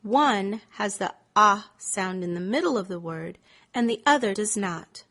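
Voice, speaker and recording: A woman reading scripted teaching instructions as a reading teacher, sounding out vowels in a deliberate, drawn-out way. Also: mid-range voice, expressive, a bit bright. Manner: slow, deliberate, stretched-out vowel demonstrations.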